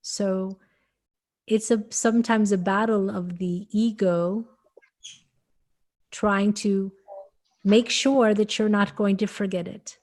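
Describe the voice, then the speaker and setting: An American-born woman giving calm, measured spiritual guidance on a webinar call, speaking as "we". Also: medium pitch. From United States. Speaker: spiritual channeler.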